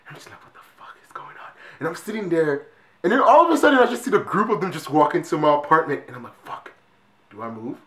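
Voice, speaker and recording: Excitable young man telling a story. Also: sits high, echoey room. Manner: excitable, swings between loud exclamations and hushed whispers. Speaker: vlogger. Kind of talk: animated storytelling to camera.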